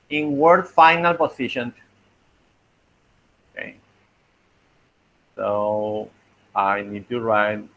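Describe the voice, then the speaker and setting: Guy teaching phonology online, slow and deliberate, lots of okay and let me see, kinda muffled sound. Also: medium pitch. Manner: slow, thinking aloud while writing, frequent "okay" and "let me see". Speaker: linguistics teacher. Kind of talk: online class lecture.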